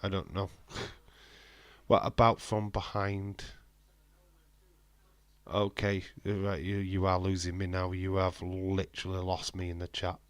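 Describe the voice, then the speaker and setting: On a live watch-along stream, a deep-voiced man keeps things light, joking as he reads viewer comments and replies to them. He speaks in a level tone at a slightly slow pace, with no room sound.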